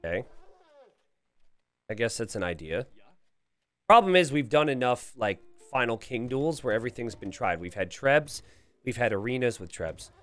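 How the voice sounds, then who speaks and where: A man commentating a strategy game live on stream and reading the chat aloud. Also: medium pitch. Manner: animated, reads viewer chat aloud.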